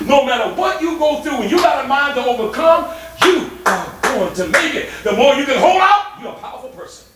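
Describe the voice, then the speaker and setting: A man preaching a guest sermon, animated and playful, breaking into song, shouts and laughter. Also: extremely high pitch, brisk, very noisy. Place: church sanctuary. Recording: echoey church hall, mic at a distance, congregation. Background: congregation responding.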